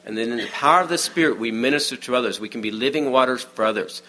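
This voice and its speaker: A man giving a sermon in a conversational, storytelling way, often dropping to a hush for the quiet moments. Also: medium pitch, fast, a little hiss or hum. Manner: many restarts and fillers, informal aside. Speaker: preacher.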